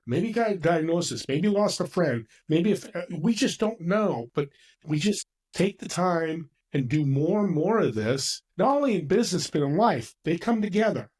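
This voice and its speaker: A man's voice: a little high, normal speed, husky. A man, a podcast guest, chatting casually and telling stories with acted-out voices. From California. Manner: animated storyteller, acts out voices. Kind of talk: casual conversation.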